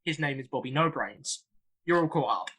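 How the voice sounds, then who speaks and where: A man's voice: mid-range voice, expressive, normal speed, pushed and bright, slightly rough. A man playing a tabletop game on a video call, rambling and laughing often. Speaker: player. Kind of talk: casual tabletop play.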